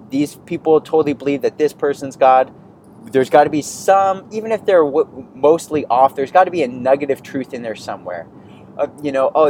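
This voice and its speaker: Man, podcast host, casual storytelling, rambling, animated, faint background noise. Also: fairly high pitch, low-quality recording. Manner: rambling, animated, self-interrupting.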